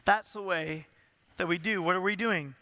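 A man's voice: high voice, normal speed, pushed and bright, no room sound. A man preaching a sermon as a pastor, building intensity and asking the congregation rhetorical questions.

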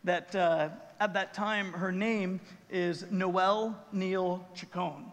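A man's voice: high voice, steady tone, slow, in a large hall. A man preaching a sermon as pastor on a church stage, telling a story earnestly and with emotion.

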